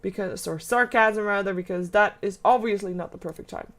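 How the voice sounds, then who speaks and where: A young woman casting a live esports match, giving quick, excitable play-by-play and laughing along. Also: mid-range voice. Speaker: esports caster. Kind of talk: live game commentary.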